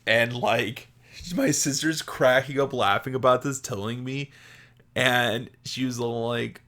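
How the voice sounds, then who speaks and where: Slow, bright-voiced young man rambling. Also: medium pitch, fairly even intonation. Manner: rambling, filler-heavy, laughs at own stories. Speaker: podcast host. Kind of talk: casual storytelling monologue.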